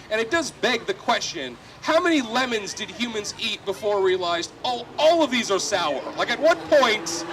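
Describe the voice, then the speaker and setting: A man's voice: fairly high pitch, bright, forceful tone, a little hiss or hum, poor audio. A man performing a self-deprecating, rambling stand-up set at an outdoor street festival. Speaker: stand-up comedian.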